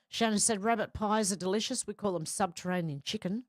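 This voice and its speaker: A woman's voice: medium pitch, brisk, no room sound, clean studio sound. A middle-aged woman, hosting a casual livestream and reading viewer comments aloud in a chatty way. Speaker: livestream host reading chat. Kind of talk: casual chat.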